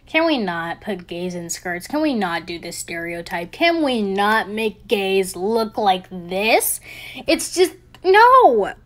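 A woman's voice: mid-range voice, expressive, slow, hardly any pauses. A young woman at home hosting a reaction commentary video. She rants in exasperation and laughs often. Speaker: commentary channel host. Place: at home with family over.

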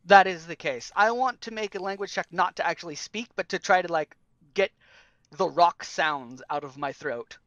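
A player in a tabletop role-playing game, talking in an animated, quick-witted way. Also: mid-range voice, no echo, dull audio.

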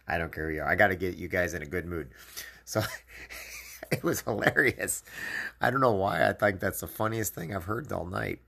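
A man speaks in a casual live video message, his voice sitting very low and rough with a gravelly fry. He talks earnestly to his viewers, offering encouragement and comfort in a plain, personal way. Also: quick pace, a bit bright. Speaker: channel host.

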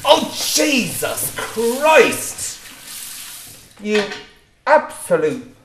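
An actor playing a man in agony whose eyes are burning, shouting and cursing for a towel. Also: sits high, big pitch swings, takes it slowly, slight background noise, full character voice. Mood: agonized. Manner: shouting, frantic. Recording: roomy echo.

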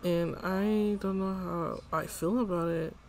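A man's voice: sits high, steady tone, measured pace. A man voicing a tired, unwell young woman in his life-sim game, complaining wearily. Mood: weary.

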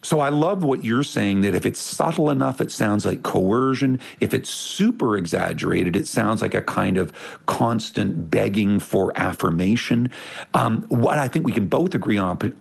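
A man's voice: on the low side, expressive, moderate pace, gravelly, slightly rough. A man as an interview guest, explaining with enthusiasm and restarting his phrases often. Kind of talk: conversational interview.

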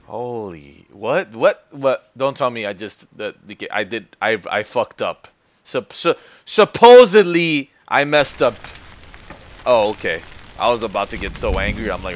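A male streamer in casual let's-play commentary, excitable, swearing and joking as he plays. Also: lowish voice, unhurried. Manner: excitable, profane, jokey. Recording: game audio with rain noise behind.

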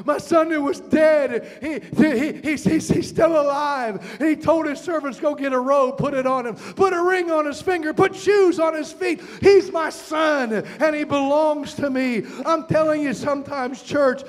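A man preaching to his church with a strikingly high voice. He tells stories calmly, then rises into shouted, fervent appeals. The sound carries a long echo from the hall. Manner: preaching with rising shouted passages and dramatic quotes. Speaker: pastor. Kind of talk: sermon.

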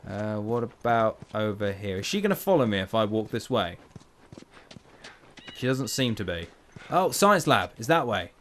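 A man's voice: on the low side, big pitch swings, moderate pace, fairly bright tone, a little hiss or hum. A man giving playful, chatty let's play commentary, joking to himself as he plays. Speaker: gamer.

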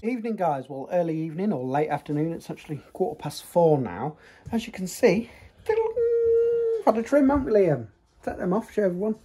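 A man's voice: a little high, big pitch swings, fast talker, dark tone, slight background noise. A man vlogging chattily at home on a handheld phone, joking and rambling. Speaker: family vlogger. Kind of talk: casual chat to camera. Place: family home, kitchen.

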